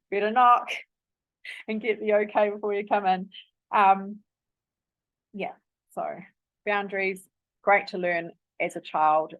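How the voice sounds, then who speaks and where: A woman's voice: medium pitch, vocal fry, fairly bright tone, no echo. A woman giving parenting advice in a casual, earnest way, with frequent ums and likes. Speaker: parenting coach. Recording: dry, phone-like narrow sound.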